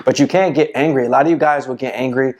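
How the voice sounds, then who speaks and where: A man's voice: mid-range voice, quick pace, a little mellow. Swaggering slangy man giving dating advice. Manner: swaggering, slang-heavy, "you know what I'm saying" refrain. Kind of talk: casual advice monologue to camera.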